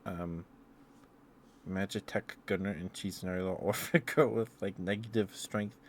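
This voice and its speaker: A man in a soft-spoken ASMR ramble, telling meandering stories with fillers and chuckles. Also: low-pitched, fairly even intonation, a little slow, slight background noise. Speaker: ASMR streamer.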